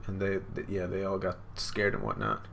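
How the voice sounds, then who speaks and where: A man's voice: sits low, very animated, moderate pace, gravelly, fairly bright tone. A man hosting a live manga reaction, rambling and unsure, with lots of fillers.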